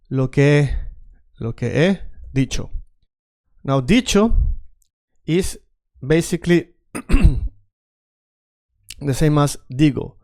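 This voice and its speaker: In this video language lesson, a man with a slightly high, mellow voice runs Spanish drills. He says each phrase many times, encourages viewers to repeat along, and frequently asks "right?" or "okay?".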